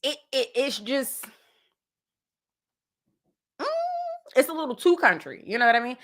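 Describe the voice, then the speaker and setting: Woman, from New Jersey, podcast host, casual pop culture chat, animated, playful, bright voice. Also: on the high side, measured pace, pauses often. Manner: animated, playful, breaks into sung parody bits.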